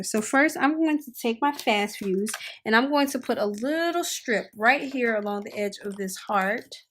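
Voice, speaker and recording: A woman's voice: a little high, background noise. A woman hosting a crafting tutorial, chatting upbeat and casual while she works with her hands. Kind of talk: casual how-to demonstration.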